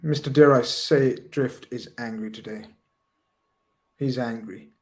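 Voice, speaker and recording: Brief: male co-host, casual live stream banter, playful and animated, mid-range voice. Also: medium pitch, unhurried. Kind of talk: casual live stream chat, reading super chats.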